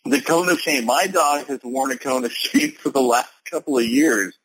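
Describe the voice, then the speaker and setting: A man co-hosting a podcast, telling stories in an excitable way and laughing often, with a husky voice. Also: mid-range voice, moderate pace, dry recording, rough recording. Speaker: podcast co-host. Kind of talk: casual podcast chat.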